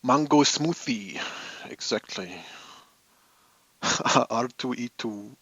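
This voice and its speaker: A man's voice: mid-range voice, slow pace, long pauses, a bit bright, no room sound, highs cut off. A man hosting a live hobby stream from his home office, chatting casually with viewers in a rambling, amused way. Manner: rambling, chatty, laughs at his own stories.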